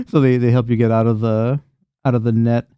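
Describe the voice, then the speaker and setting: A man's voice: mid-range voice, normal speed, smooth, no room sound. Laughing, foul-mouthed man running a game. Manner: laughs often, swears freely, animated voices for scenes. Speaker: game master. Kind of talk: narrating a tabletop game.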